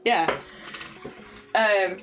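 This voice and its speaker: This young British woman streams a game in a mid-range voice, speaking extremely slowly amid background noise. Her casual gaming chat is rambling, full of stumbles and giggles, set against faint lofi music.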